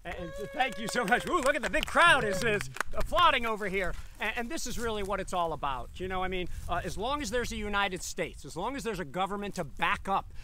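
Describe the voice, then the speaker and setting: A man hosts a live presentation from a farm field, his voice high and bright. He talks in an energetic, chatty way with quick asides, outdoors in open air with faint noise behind him. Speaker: host for a preservation organization.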